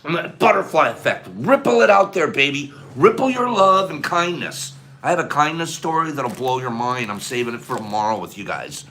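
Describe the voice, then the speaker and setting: A man hosting a casual livestream, emotional and animated, swinging from loud bursts to soft, choked-up murmurs. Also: a little high, a little fast, hardly any pauses, a little hiss or hum. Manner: emotional, gets choked up and clears his throat. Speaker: livestream host.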